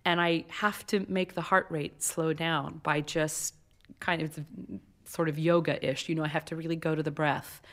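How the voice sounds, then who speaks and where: A woman opera singer speaks in a voice sitting a little low for a woman. She explains her craft in an onstage interview before an audience, animated and expressive. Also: moderate pace.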